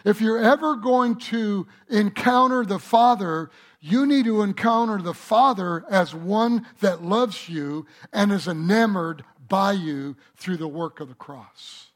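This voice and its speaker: Slow-talking, high-voiced male pastor preaching. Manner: conversational preaching with joke-telling. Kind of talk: sermon.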